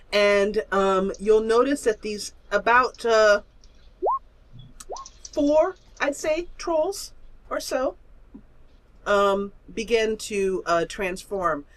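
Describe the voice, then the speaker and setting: A woman's voice: mid-range voice, animated, very slow, pauses often, a little hiss or hum. A woman narrating as game master of an online tabletop game, chatty and laughing, with many fillers.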